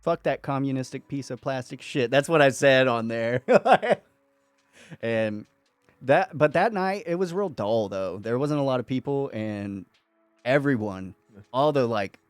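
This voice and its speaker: A man's voice: medium pitch, expressive, measured pace, clean tone, dry recording. Male podcast host, casual, swears a lot, laughs often, dry sound. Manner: profane, laughing storyteller. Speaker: father and new stand-up comic.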